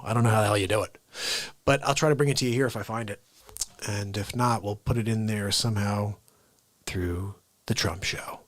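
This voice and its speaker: A man's voice: mid-range voice, a bit bright, no room sound, studio quality. A man hosting a daily comedy livestream, talking to viewers in a goofy, loose manner with laughing asides. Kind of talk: casual comedic livestream chat.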